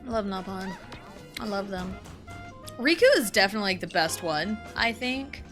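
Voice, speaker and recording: A woman's voice: medium pitch, expressive, moderate pace, a bit bright. A woman streaming a video game, chatting casually and giggling as she gushes about her favourite characters. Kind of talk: casual gaming livestream chat. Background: game music.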